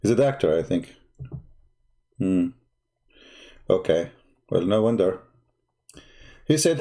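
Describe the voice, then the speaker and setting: A man hosting a live stream, mocking and sarcastic, growing loud and excited as he argues. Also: sits low, slow pace, pauses often. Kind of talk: live-streamed religious debate talk.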